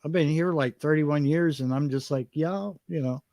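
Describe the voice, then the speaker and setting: A man's voice: a little high, steady tone, normal speed, a crowd in the background. A man from Cleveland chatting casually on a live stream, telling stories in a laid-back way. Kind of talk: casual chat.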